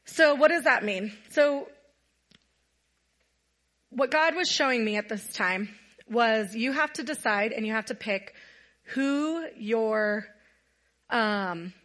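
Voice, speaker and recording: A woman's voice: a little high, animated, takes it slowly, pauses often, a bit bright. Earnest woman preaching casually. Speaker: women's night speaker. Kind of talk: sermon. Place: room with a gathered audience.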